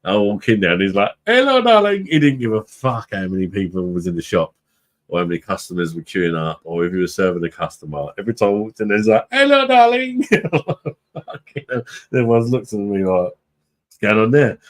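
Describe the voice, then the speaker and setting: A man with a low voice and a British accent talks loosely to his live chat. He is relaxed and chatty, laughs a lot and drops casual swears. His delivery stays easygoing and unscripted. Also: quick pace. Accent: British English. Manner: laid-back, chatty, laughs often, swears freely. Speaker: livestream host, beer reviewer.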